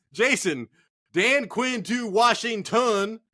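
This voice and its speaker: A man's voice: high-pitched, animated, drawn-out words, sharp tone. A man co-hosting a casual sports chat show, joking, laughing and swearing as he talks. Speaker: podcast co-host. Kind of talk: casual chat while drinking.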